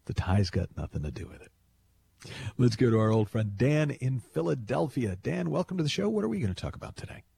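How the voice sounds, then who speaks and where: A man hosting a call-in radio show, talking in a playful, animated storytelling way. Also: fairly quick. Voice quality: deep gravelly voice. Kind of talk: conversational radio monologue.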